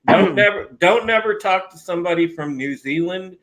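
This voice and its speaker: Profane, rambling man with a bright voice. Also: high voice, normal speed, poor audio. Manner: profane, rambling, laughs often. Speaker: podcast host. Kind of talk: casual chat.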